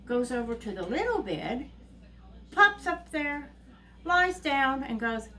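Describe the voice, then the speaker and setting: A woman telling a fairy tale to young children, animated and asking them questions along the way. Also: sits high, slow pace. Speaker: children's storyteller. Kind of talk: reading a story to young children. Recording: distant mic with faint ambience.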